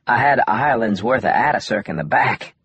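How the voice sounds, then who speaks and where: A man voicing a wry, easygoing young man in an audiobook, in a husky, laid-back joking manner. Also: medium pitch, animated, a little fast, fairly bright tone, voice pushed up. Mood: relaxed, wry. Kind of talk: audiobook dialogue.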